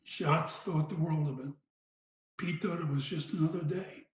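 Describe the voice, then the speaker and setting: A man with a New York accent, telling an old family story in a casual, unhurried way, pausing and trailing off into asides. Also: on the high side, steady tone. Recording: echoey room.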